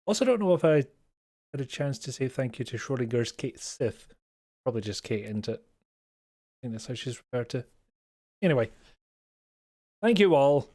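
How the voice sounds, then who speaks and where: Chatty Scottish streamer, self-mocking. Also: male voice, medium pitch, sing-song, normal speed, long pauses, darkish tone. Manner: rambling, self-mocking, chuckles often. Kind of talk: casual live-stream chat.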